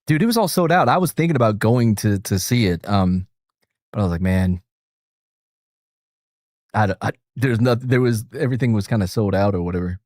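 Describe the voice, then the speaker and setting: Here a man with a lowish, slightly mellow voice speaks a little fast and pauses often, expressive throughout. The studio-quality recording is dry. He chats casually on a stream, reacting to a video with friends, rambling, joking, and chuckling frequently.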